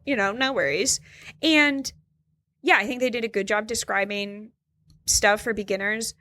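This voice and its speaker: A young woman co-hosts a casual podcast, sarcastic and animated, often leaping into high, mocking impressions. Her voice sits at an ordinary middle pitch and sounds dry and close, with no room around it. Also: normal speed, no room sound. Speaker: podcast co-host. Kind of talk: casual chat.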